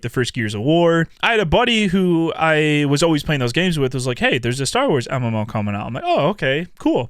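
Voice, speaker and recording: A young man rants candidly in a gaming vlog, profane and animated, with loud mock-dramatic outbursts. His voice sits fairly high and sounds bright and crisp. The recording is dry and close. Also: dry recording. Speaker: gaming YouTuber.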